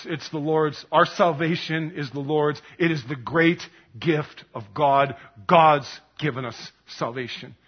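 A man delivers an earnest sermon in a fairly high, husky voice. He repeats phrases for weight and drops soft on key words. The recording is dull and lo-fi, as if captured in a church. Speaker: pastor.

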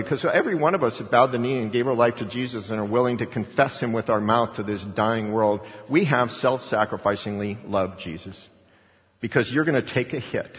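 A man preaching a sermon to his congregation, his voice rising to loud, insistent emphasis and then dropping to quiet asides. He sits at a middle pitch, and the sound carries a long, ringing hall reverb. The recording is dull and muffled, lacking top end. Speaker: pastor.

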